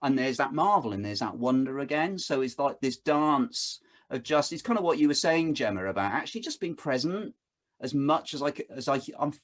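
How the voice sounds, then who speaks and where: Man, 50s, casual video-call guest, expressive storyteller, wide swinging pitch. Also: fairly quick. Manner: animated storytelling, acts out quoted voices. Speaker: guest speaker.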